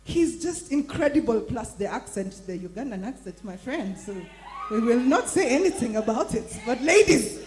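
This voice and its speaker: A woman hosting a live poetry event, announcing with lively enthusiasm. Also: a little high, moderate pace. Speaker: event host. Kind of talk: hyping up a live crowd.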